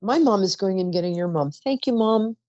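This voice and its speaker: A woman's voice: medium pitch, expressive, a little fast, mellow, no room sound, muffled recording. A woman hosting a live call-in psychic reading show, chatty and rambling, often trailing off mid-sentence. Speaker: psychic radio host.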